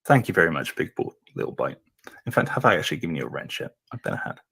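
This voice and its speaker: A man with a low, gravelly voice chats casually on a livestream, hesitating and mumbling between thoughts. His tone is husky and a little rough. The sound is dry. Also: big pitch swings, racing, a bit bright, dry recording. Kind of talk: casual stream chat. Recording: clip from a livestream.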